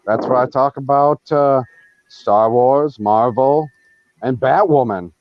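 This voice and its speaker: A man's voice: mid-range voice, takes it slowly, dull audio. A man chatting casually on an online show, laid-back as he talks about his upcoming videos. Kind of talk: casual chat.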